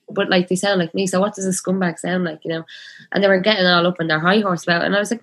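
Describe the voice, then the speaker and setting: A woman in her twenties with a Dublin accent, chatting casually. Her voice sits a little low, and she talks with passion, packing her speech with fillers. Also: fairly even intonation, quick pace, fairly bright tone. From Ireland. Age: 20s. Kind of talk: casual chat.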